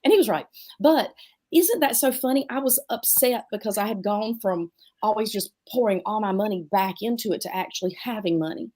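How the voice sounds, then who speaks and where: A woman's voice: mid-range voice, brisk. A middle-aged woman who owns a dance studio, telling stories in a casual chat and acting out the voices of people she quotes. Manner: animated, acts out quotes in different voices. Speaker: guest, dance studio owner.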